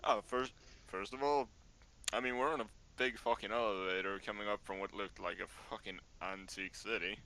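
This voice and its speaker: A man's voice: on the low side, steady tone, a little fast, bright, forceful tone, rough recording. A man playing a tabletop game, speaking bluntly and swearing casually. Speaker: player. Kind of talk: casual in-character play over voice chat.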